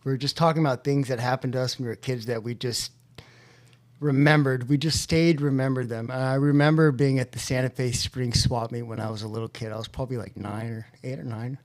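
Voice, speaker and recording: A man's voice: mid-range voice, steady tone, brisk. A man from California, a podcast guest, telling his recovery story in an earnest, heartfelt way.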